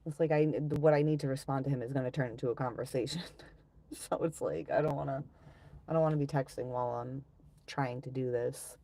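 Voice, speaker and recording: Middle-aged woman, live streamer, low gravelly voice, sighs and swears while ranting casually. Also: fairly even intonation, a little fast, dark tone. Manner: ranting, swearing, sighing often.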